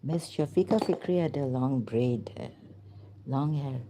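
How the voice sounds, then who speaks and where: Woman in her fifties, vlog host, slow and low-pitched, wandering storyteller who keeps losing her words. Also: background noise. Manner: meandering, searching for words, many fillers, laughs and apologizes often. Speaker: channel host. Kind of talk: rambling personal storytelling to camera.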